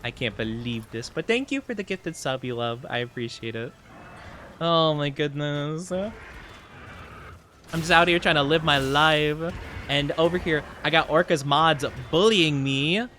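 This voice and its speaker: Speaking unhurriedly in a slightly high voice, a young man hangs out with his chat during a game stream, with a little noise in the background. He's playful and excitable, answering viewers with loud reactions.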